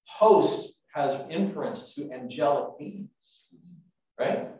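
Man preaching, storytelling sermon, halting restarts, raised pitch, big echo. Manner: animated, self-mocking, halting restarts. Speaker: preacher and tour guide. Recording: echoey room, mic far off.

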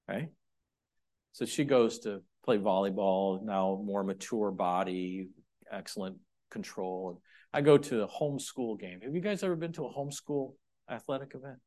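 Man, middle-aged, pastor, sermon, lively pitch, shifts between forceful and soft. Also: normal speed. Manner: animated preaching, swinging from loud emphasis to quiet asides.

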